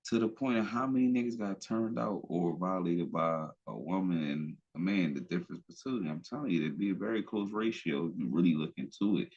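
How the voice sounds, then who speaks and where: Real deep husky dude just going off on a podcast, blunt and swearing a lot, kinda muffled lo-fi audio. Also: male voice, a little fast, few pauses, a little mellow. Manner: blunt, profane, rambling with restarts. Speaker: podcast host. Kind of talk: casual opinion talk.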